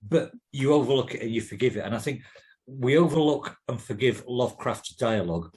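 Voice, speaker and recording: A man's voice: medium pitch, animated, a little fast, a little mellow. A man co-hosting a podcast, talking in an easygoing way and asking the others questions. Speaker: podcast co-host. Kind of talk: casual chat.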